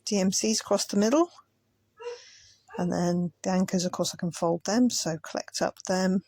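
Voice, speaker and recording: A woman's voice: on the low side, normal speed, darkish tone, no room sound. Chatty woman, dry close voice. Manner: chatty, muttering asides while sorting. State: tired, yawning. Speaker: craft vlogger. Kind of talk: casual commentary over sped-up footage.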